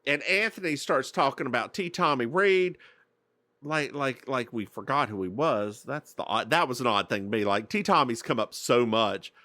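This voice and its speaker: A man's voice: mid-range voice, moderate pace, no echo. A man co-hosting a podcast, chatting casually and playfully about a sitcom episode. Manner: animated, playful, calls his friend "girl". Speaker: podcast co-host.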